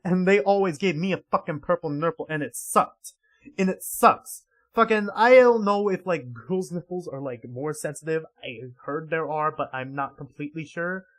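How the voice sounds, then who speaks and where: A man's voice: fairly high pitch, moderate pace, a bit bright. A man livestreaming casual reaction commentary, rambling and swearing heavily in an exasperated way.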